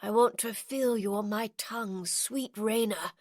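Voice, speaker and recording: A brooding, seductive male earl from a romance audiobook, put on by a woman narrator. He murmurs slowly and low, with a rough, growling rasp. The reading is dry and close. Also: a little mellow, no echo, natural voice. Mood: sultry. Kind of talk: audiobook character voicing.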